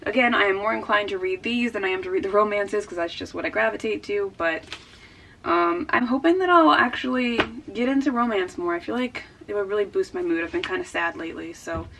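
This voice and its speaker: A young woman talking casually in a book vlog, chatty and rambling and quick to laugh. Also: mid-range voice, vocal fry, fairly bright tone. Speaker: book vlogger. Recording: distant mic with background noise.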